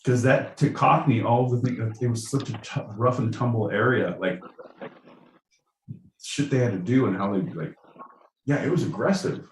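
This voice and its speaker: A man's voice: medium pitch, normal speed, roomy sound, slight background noise, poor audio. A man co-hosting a podcast in casual chat, riffing and swearing freely. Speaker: podcast co-host.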